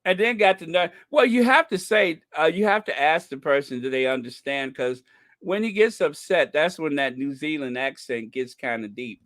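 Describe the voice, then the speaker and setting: A man hosting a royal gossip channel, talking in a casual, mocking commentary that jumps into high sarcastic squeals. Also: moderate pace, a bit bright, no room sound. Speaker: channel host.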